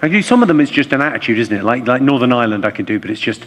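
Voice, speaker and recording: Deadpan English stand-up comedian on stage. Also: male voice, medium pitch. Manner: deadpan, quick comebacks. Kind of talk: stand-up comedy with crowd work. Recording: live theatre, long reverb and loud noise.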